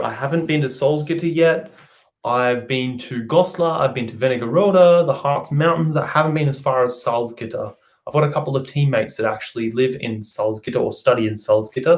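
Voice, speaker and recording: A young Australian man chatting casually on a live stream, reading out and answering viewer comments. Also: mid-range voice. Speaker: vlogger.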